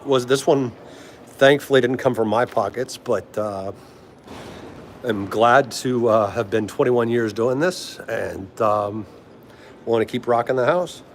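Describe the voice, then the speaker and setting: A man's voice: medium pitch, unhurried, slight background noise. A middle-aged man with a DC accent, chatting casually on a livestream in a rambling way, laughing often and answering viewer comments. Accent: DC area. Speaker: livestream host.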